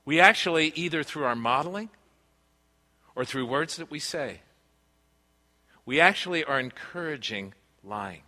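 A man's voice: fairly high pitch, lively intonation, measured pace, long pauses, pushed and bright. A man preaching a sermon, earnest and conversational, telling personal stories from family life. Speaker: pastor. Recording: long reverb of a large hall.

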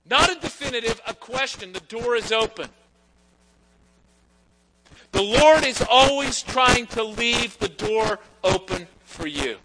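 High-pitched guy preaching a sermon, chatty, music going behind him. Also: animated, low-quality recording. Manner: conversational preaching, quoting figures in quick asides. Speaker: pastor.

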